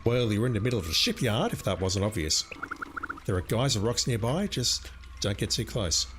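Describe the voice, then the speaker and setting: A man's voice: lowish voice, big pitch swings, normal speed, noisy background. A man putting on a curt, snorting cartographer. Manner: curt and condescending.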